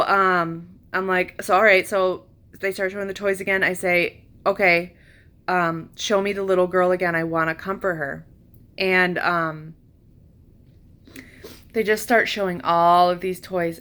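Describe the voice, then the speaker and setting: A woman telling a personal story in a casual, emotional way, full of fillers, with her voice leaping high when she quotes herself. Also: bright, forceful tone. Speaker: vlogger recounting a retreat.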